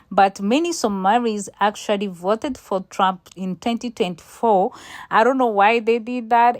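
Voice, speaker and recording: A woman's voice: medium pitch, dry recording. A woman hosting a casual reaction video, chatty and talking to her viewers as guys. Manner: chatty, addresses viewers as guys, many fillers. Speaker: host of reaction channel.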